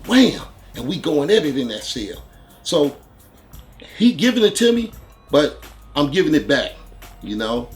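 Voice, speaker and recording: Brief: gravelly man with a lively voice, host telling stories casually and crudely, soft music behind. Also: a little high. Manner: animated, profane, acts out blows with sound words. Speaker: host recounting prison stories. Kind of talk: casual storytelling monologue.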